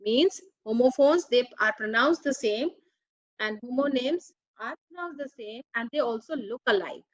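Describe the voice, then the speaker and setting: A woman whose voice sits on the high side leads a slow grammar lesson, reading each word and its meaning out carefully and deliberately. The audio has no room sound, and the highs are cut off.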